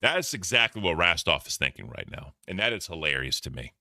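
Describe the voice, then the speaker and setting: A man's voice: sits low, sing-song, brisk, bright, forceful tone, dry recording, clean studio sound. A man reacting to clips for his stream chat in casual, profane commentary. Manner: profane, laughing, talks to chat.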